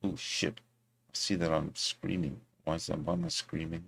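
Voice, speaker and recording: A man hosting a livestream, talking in a casual, rambling way, often pausing, restarting and talking to himself into a desktop microphone. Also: sits low, animated, vocal fry, a bit bright, slightly rough. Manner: rambling, talks to himself, many fillers and restarts. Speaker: livestream host. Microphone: desktop streaming mic.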